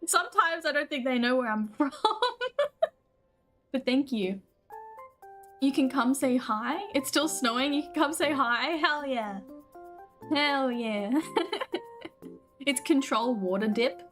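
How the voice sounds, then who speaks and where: A woman's voice: high voice, fairly bright tone, faint music behind. A young Australian woman streaming a game, chatting casually with her viewers, giggling often and restarting her sentences. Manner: chatty, giggly, with frequent restarts; says she talks fast on stream. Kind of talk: casual chat with stream viewers during gameplay.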